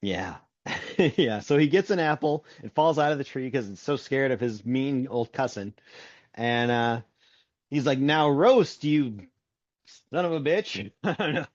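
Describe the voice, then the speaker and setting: A man's voice: mid-range voice, normal speed. A man co-hosting a casual comic book review podcast, laughing often as he retells the story. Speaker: podcast co-host. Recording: dull, lo-fi, dry sound.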